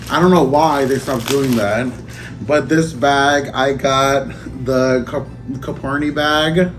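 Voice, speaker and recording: A man in a casual unboxing vlog who talks in an emotional, halting way, choking up and trailing off. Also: medium pitch, slight background noise. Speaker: vlogger. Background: music.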